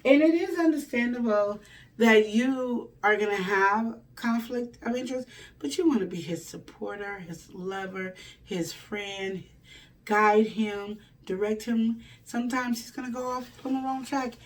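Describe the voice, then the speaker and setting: A woman's voice: on the high side, unhurried, recorded from a distance. A woman hosting a relationship advice show, talking in a folksy, preachy way and acting out the quoted lines. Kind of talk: casual advice monologue.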